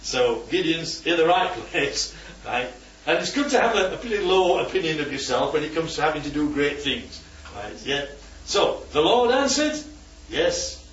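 A man's voice: a little high, big pitch swings, moderate pace, fairly bright tone, a little hiss or hum. Man leading a Bible study, keeps asking the group questions, dull distant recording, roomy sound. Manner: keeps checking in with "right?" and "yeah?". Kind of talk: teaching a group discussion. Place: room with a small group.

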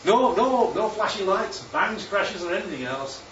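A man preaching a sermon, lively and constantly checking in with his listeners by asking "right?" and "yeah?". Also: high-pitched, moderate pace, slight background noise. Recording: echoey, distant, dull sound with faint ambience.

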